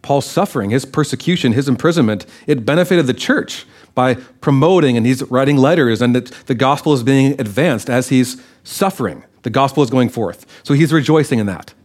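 A male preacher giving a sermon-style Bible teaching. His voice sits at an ordinary middle pitch. He keeps it conversational and often turns to ask his listeners questions. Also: a little fast, darkish tone.

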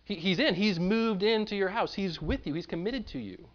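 A man's voice: high-pitched, moderate pace. Man, pastor preaching, conversational, plays out quoted voices, slightly muffled recording. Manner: conversational preaching, acts out voices of imagined people. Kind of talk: sermon.

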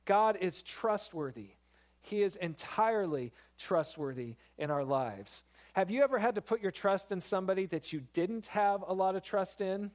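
Pastor, male, slightly higher voice; conversational sermon delivery that leans into emphasis. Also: normal speed. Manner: conversational, storytelling with rising emphasis.

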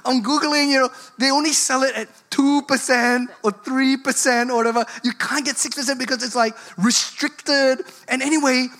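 A speaker giving a storytelling talk to parents, animated and laughing through the story. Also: sits high, moderate pace, few pauses.

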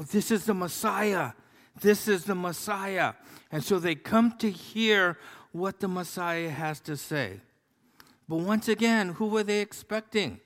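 A male pastor preaching a sermon in a relaxed, conversational way, telling a story with many fillers. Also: on the high side. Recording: long reverb of a large hall.

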